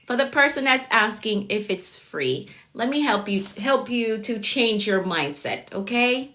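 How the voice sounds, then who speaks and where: Jamaican lady coach on a live stream, bright voice, keeps repeating herself and reading out the comments. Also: fairly high pitch, expressive, a little slow. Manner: chatty, repeats herself, answers comments as they come. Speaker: productivity coach.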